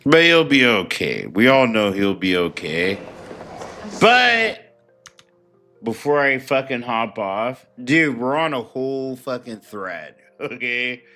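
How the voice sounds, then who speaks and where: A man's voice: mid-range voice, very animated, slow pace, sharp tone, soft background music. A man ranting casually and profanely while reacting to clips on his stream. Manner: profane, rambling, emphatic. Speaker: streamer commentator. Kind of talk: casual commentary rant.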